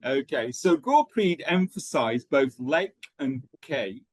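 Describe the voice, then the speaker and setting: A man running an online teacher training session, talking in a steady rhythm with frequent ums and okays. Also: medium pitch, takes it slowly, dry recording, poor audio.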